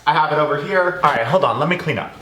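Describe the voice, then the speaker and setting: A man's voice: fairly high pitch, animated, quick pace, roomy sound, over loud music. A man chatting casually through a home cooking vlog, laughing often and calling his viewers y'all. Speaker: cooking vlogger. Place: home kitchen.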